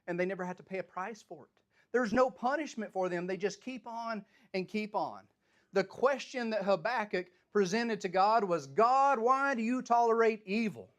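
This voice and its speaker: Animated high-voiced man teaching Bible study. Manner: reads scripture aloud, then paraphrases it in plain everyday speech; animated, voices the prophet's complaints with rising intensity.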